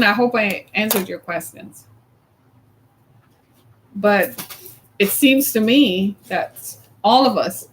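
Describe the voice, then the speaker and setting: A woman's voice: medium pitch, a little hiss or hum. A woman hosting a casual live chat, chatty and opinionated, laughing often and ending her sentences with "right?". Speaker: host.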